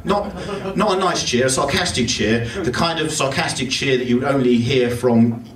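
A man's voice: medium pitch, normal speed. A man performing a stand-up comedy set in a club, telling rambling self-deprecating stories. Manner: rambling anecdotal delivery with self-deprecating asides. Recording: echoey club from far off with loud crowd. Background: audience laughter.

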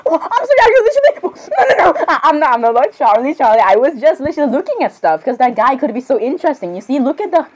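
A woman's voice: high voice, sing-song, fast, few pauses, noisy background. A young woman chatting in character as a cosplayer, rambling and apologizing often between giggles. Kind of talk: in-character cosplay role-play chat.

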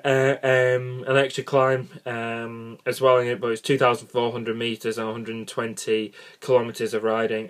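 A young man, rambling casually about cycling and bad drivers, exasperated and jokey with many restarts. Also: on the high side. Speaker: cycling vlogger.

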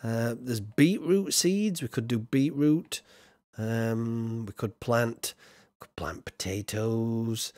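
A man's voice: medium pitch, slow pace, darkish tone, no echo. A man streaming a building game, chatting casually and reading out his viewers' comments as he plays. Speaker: gaming streamer. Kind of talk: live-streamed gameplay chat.

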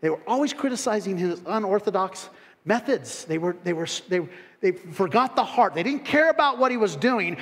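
A fairly high-voiced man delivers a lively sermon in a church sanctuary. He swings into loud, raised voices to act out critics, then settles back into folksy asides. His voice rings with a long hall reverb. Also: moderate pace. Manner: animated, acts out voices of critics with sharp rises in pitch and volume; laughs between phrases, folksy asides. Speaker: pastor.

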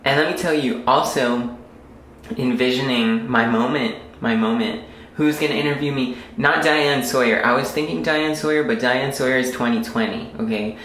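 A man's voice: medium pitch, moderate pace, fairly bright tone. Rambling young man vlogging at home. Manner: rambling, self-talking, lots of fillers. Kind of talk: casual vlog talk to camera. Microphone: camera mic. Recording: roomy camera audio.

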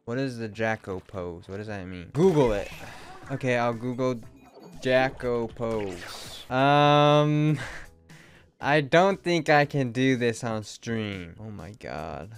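A young man streaming a video game, reacting loudly with swearing and sudden shouts of surprise, sometimes reading game lines aloud flatly. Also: medium pitch, slow pace, faint music behind. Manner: reads game dialogue aloud in a flat voice.

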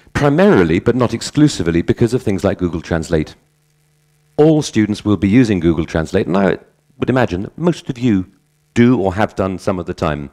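A middle-aged man with a notably low voice gives a conference talk. He speaks conversationally and breaks into anecdotes. He often restarts his sentences mid-thought. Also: darkish tone. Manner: conversational, tells anecdotes with self-corrections. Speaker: conference speaker on language teaching.

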